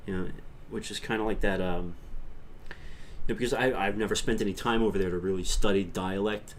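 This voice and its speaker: A man's voice: on the low side, steady tone, a little fast, a little hiss or hum. A middle-aged man from New York with a New York accent, rambling casually on a livestream and talking to chat viewers by name. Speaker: livestream host.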